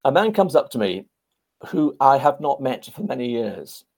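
Animated man with a gravelly voice. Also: mid-range voice, moderate pace. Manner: animated, anecdotal. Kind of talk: storytelling in a podcast interview.

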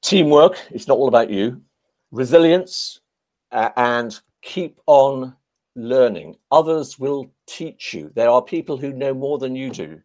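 A man telling lively anecdotes in a podcast interview, a former army clergyman. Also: mid-range voice, a little slow. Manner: animated, anecdotal.

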